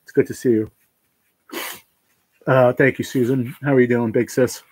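A man crying through his words as he talks to his stream, with an average pitch and a heartfelt, halting manner. His voice sits close to the mic in a dry, dead-sounding space. He restarts and stumbles as emotion catches him. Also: fairly even intonation, darkish tone, no room sound. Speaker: livestream host reading chat. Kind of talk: emotional livestream chat.

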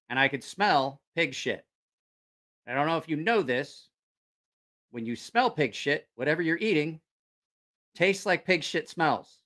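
A man's voice: on the high side, sharp tone. A man hosting a casual livestream, telling rambling, profane stories and reacting to viewer comments. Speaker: channel host.

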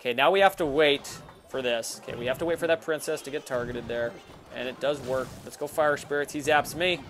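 A young man giving excitable, hyper commentary over a mobile game he is playing, often jumping into loud shouts. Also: medium pitch, music in the background. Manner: excitable and hyper, quick swings into yelling. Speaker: mobile game video host. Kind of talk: live gameplay commentary.

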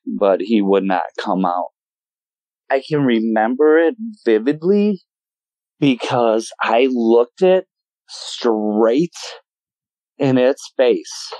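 A man in his forties from Wisconsin, a guest telling his story in an animated, emotional way and acting out voices in sudden high bursts. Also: no room sound, poor audio. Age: 40s. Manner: emotional, voice shaking at times. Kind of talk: casual storytelling.

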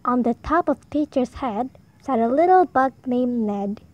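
A woman reads a rhyming picture book aloud for small children. Her voice sits high, and she takes her time over each line. The rhymes come out in a gentle, sing-song read-aloud manner. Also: expressive, measured pace, highs cut off. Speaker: storybook reader. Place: home.

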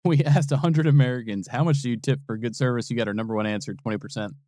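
Brief: male co-host, easygoing quizmaster, relaxed dark tone, dead-dry booth sound. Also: mid-range voice, fast, no echo. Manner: laughs often, playful quizmaster. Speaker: podcast co-host running trivia. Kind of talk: casual banter.

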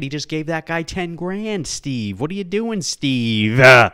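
A man's voice: on the high side, animated, a little slow, few pauses, bright, forceful tone, clear, resonant tone. A man hosting a solo podcast, talking casually over clips, sarcastic and rambling, with playful mock-earnest asides. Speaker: podcast host.

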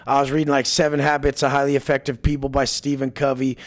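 A man's voice: mid-range voice, flat delivery, quick pace. A man as an interview guest, telling stories bluntly with heavy swearing and acting out quoted lines. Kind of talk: casual storytelling interview.

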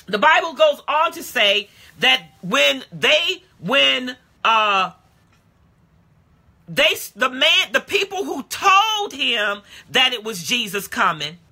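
A woman preacher giving an impassioned sermon, moving between shouting and quiet, plain talk. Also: on the high side, breathy edge. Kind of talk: live-streamed sermon.

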